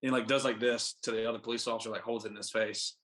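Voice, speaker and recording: A man's voice: on the low side, fairly even intonation, rapid-fire, fairly bright tone, slight background noise. A young man in his twenties, a podcast guest, telling a rambling anecdote full of fillers and acted-out dialogue. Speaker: podcast guest, baseball pitcher. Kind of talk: casual storytelling.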